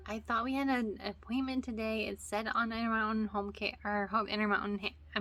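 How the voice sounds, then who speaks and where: Woman, young adult, casual vlog chat, rambling, lots of fillers, mid-pitched voice. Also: pushed and bright. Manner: rambling, with many fillers and self-corrections. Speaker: vlogger and mother.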